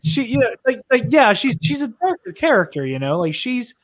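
A man's voice: extremely high pitch, big pitch swings, normal speed, no echo. A man hosting a podcast, chatting casually with enthusiasm, lots of fillers and the odd swear for emphasis. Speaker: podcast host. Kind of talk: casual chat.

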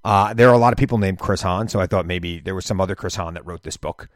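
Give me a low-voiced middle-aged man chatting loosely as a podcast host, very dry sound. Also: quick pace, no echo. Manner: rambling, self-interrupting, stammers on restarts. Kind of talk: casual chat.

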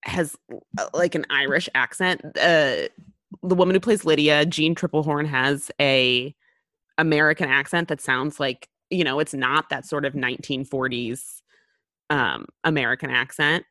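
A woman in her thirties with a low voice chats as a podcast co-host. She talks loosely, full of fillers and restarts. The sound is dry and close with no room echo. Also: normal speed, sharp tone. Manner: chatty, many fillers and restarts. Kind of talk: casual chat.

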